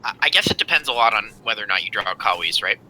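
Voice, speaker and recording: A man giving analytical commentary on a card game stream, measured and thoughtful. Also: lowish voice, expressive, sharp tone, slight background noise, low-quality recording. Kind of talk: casual live game analysis.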